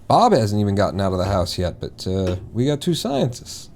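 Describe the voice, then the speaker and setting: A male streamer commenting on his gameplay live in a loose, rambling way, talking to himself and breaking into loud swearing when the game goes wrong. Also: lowish voice, sing-song, normal speed, hardly any pauses, slight background noise. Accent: East Coast American, put on.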